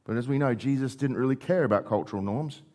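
A middle-aged man preaching a sermon, acting out dialogue with rises and drops in pitch and volume. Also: fast. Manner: animated, acts out dialogue with shifting pitch and volume.

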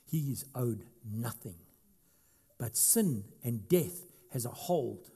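Mellow-voiced pastor preaching, loud then hushed. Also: male voice, medium pitch, animated, takes it slowly, breathy edge. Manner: swings between loud emphatic stretches and quiet, hushed asides; conversational, with questions to the congregation and light humor. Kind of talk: sermon.

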